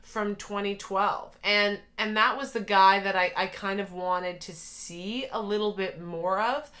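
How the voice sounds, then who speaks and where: A young woman giving casual, animated commentary as a channel host, chatty and quick to laugh, often correcting herself mid-sentence. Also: medium pitch. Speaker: video essayist.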